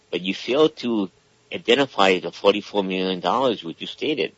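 A man's voice: low voice, animated, fairly quick, fairly bright tone, no room sound, muffled recording. A man calling in to a talk radio show, explaining at length and checking in again and again with "okay?". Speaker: caller. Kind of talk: casual call-in talk.

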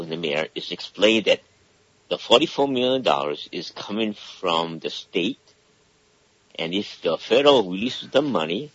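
A man with a very deep, husky voice calls in to a radio show and lays out his point at length. He keeps pausing to check in with "okay?", and the line sounds dry and dull. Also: dry recording. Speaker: caller. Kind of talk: casual call-in talk.

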